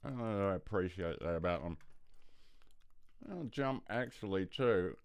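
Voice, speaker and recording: A man's voice: deep voice, animated, unhurried, clear, resonant tone, dry recording. A man hosting a livestream in casual rambling chat, swearing freely and laughing often. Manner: rambling, profane, laughs a lot. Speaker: livestream host.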